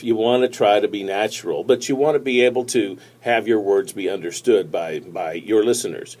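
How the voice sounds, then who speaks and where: A man giving casual tips on presenting, talking to a tablet camera in a relaxed, rambling way with many fillers and restarts. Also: on the low side. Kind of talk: casual instructional talk to camera. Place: seated, recording on a tablet. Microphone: tablet's built-in mic.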